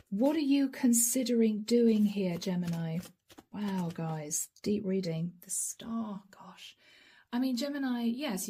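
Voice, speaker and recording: A woman gives a tarot reading straight to her viewers in a mellow, slightly breathy voice. She is earnest and emotional, and she often sinks into soft whispers. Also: on the high side. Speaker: tarot reader.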